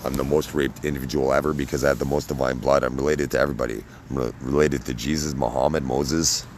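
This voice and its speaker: A man talking casually to camera in a rambling, halting monologue full of fillers and tag questions. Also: rumbling low, level tone, a little hiss or hum. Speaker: vlogger.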